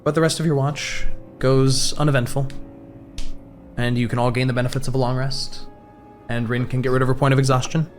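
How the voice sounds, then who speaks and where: A man narrating a tabletop game as game master, in a halting, thoughtful way. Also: mid-range voice, flat delivery, soft background music.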